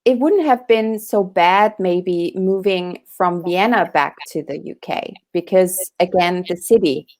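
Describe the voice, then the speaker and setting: Woman host, unhurried and supportive, slow delivery. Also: fairly low pitch, a little mellow. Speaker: interview host. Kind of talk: casual interview chat.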